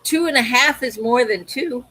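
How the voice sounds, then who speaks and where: A woman's voice: fairly high pitch, moderate pace, sharp tone, husky, low-quality recording. A woman from Maryland co-hosting a livestream, telling stories in casual chat and laughing often. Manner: chatty storyteller, laughs often. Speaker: livestream co-host.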